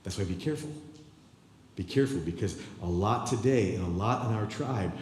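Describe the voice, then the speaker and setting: A man's voice: fairly low pitch, fairly quick, a little mellow, slight background noise. A male pastor preaching a sermon, telling a story in a conversational way with frequent asides to the congregation, in a church sanctuary. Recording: echoey church hall with long reverb.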